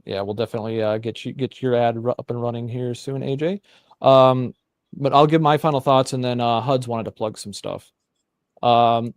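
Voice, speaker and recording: Forceful man on a talk show. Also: medium pitch, no room sound, clean studio sound. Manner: emphatic, builds to forceful rhetorical questions. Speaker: podcast host. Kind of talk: casual panel discussion.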